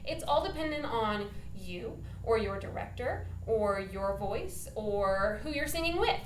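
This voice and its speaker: A woman's voice: medium pitch, expressive, a little slow, roomy sound, a little hiss or hum. A woman teaching a children's singing lesson, upbeat and encouraging, demonstrating points with her own voice.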